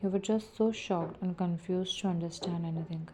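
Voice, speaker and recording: Low, flat-voiced woman reading romance. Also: normal speed, background noise. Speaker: fan-fiction narrator. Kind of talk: second-person romance story reading.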